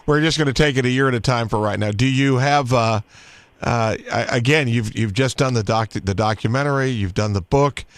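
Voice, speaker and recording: A man's voice: mid-range voice, a little fast, no room sound. A man hosting a radio interview, asking eager questions that often stumble and restart. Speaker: radio host.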